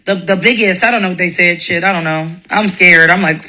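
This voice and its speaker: A woman hosting a live stream, telling a profane story in a blunt, animated way and laughing often. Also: lowish voice, brisk.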